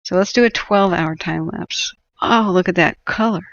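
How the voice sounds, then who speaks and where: Sardonic woman with a gravelly voice. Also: on the low side, normal speed, fairly bright tone, highs cut off. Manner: sardonic, laughs often, rambling. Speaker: wildfire-tracking livestream host. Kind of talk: live stream commentary.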